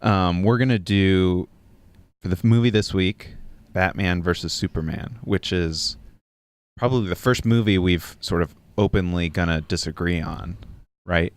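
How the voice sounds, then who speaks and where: A man's voice: sits low, unhurried. A man hosting a casual podcast from a couch in an indoor room, joking and laughing often as he rambles loosely. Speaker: podcast host.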